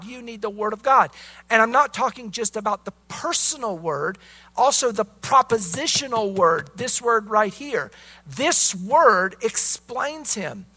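A man's voice: high voice, pushed and bright. A man preaching a sermon with emphatic delivery, breaking in often with interjections of praise and calls to listen.

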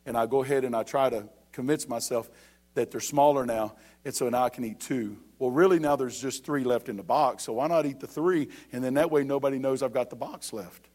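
A man's voice: medium pitch, fairly quick, a little mellow. A male pastor preaching a sermon, rising to emphatic calls, with repeated words and restarts.

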